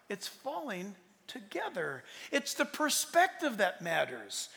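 A man in his sixties, a pastor answering audience questions in an emphatic, rambling way that swings between loud and soft. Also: high-pitched, sing-song, normal speed. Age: 60s. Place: large hall with audience. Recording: long hall reverb.

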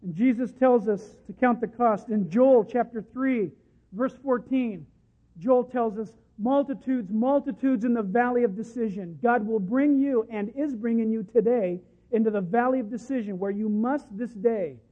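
At a church service, a pastor with a very high voice preaches passionately at a moderate pace, occasionally acting out quoted voices. The recording has a tinny, phone-like sound.

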